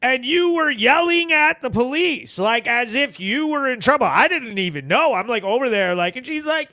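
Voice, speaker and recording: High-voiced, bright, profane male host. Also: unhurried, hardly any pauses, no echo. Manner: animated, swearing, talks to viewers as bro. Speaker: news show host. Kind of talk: casual profane recap commentary.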